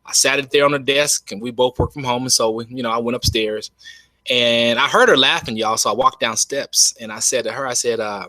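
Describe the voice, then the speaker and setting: Upbeat man pitching online. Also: fairly quick, sharp tone, no echo. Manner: enthusiastic, folksy, repeats "you all". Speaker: network marketing presenter. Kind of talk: webinar sales pitch. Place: home. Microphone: webcam.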